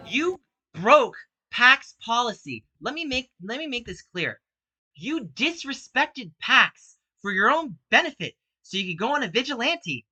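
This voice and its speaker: A woman, a speedrunner and video host, speaks in a slightly high, sharp voice on a rough recording with no echo. In a video statement she rants at an opponent directly, agitated and accusatory, emphatically repeating herself as she gets more heated.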